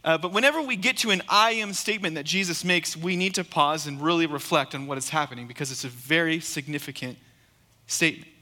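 A man's voice: a little high, fast, sharp tone, long reverb tail. A man preaching a sermon, reading scripture and then explaining it in an earnest, emphatic way, repeating key phrases. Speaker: guest preacher.

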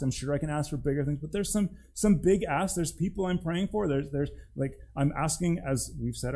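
Mellow-voiced man giving a casual sermon. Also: a little high, poor audio. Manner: conversational, with frequent restarts and a hushed drop on key points. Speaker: pastor.

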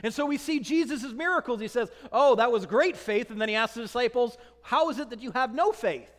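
A man with a very high voice delivers a lively sermon, reading scripture and acting out its voices. His words carry a long reverb, as if recorded in a large church hall. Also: brisk. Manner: animated preaching, acting out scripture dialogue. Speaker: pastor.

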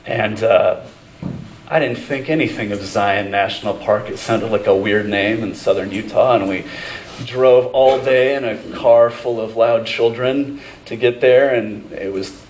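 A man's voice: mid-range voice, reverberant, a little hiss or hum, rough recording. A man preaching a sermon as pastor, telling personal stories in a conversational way with many fillers and restarts. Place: church sanctuary.

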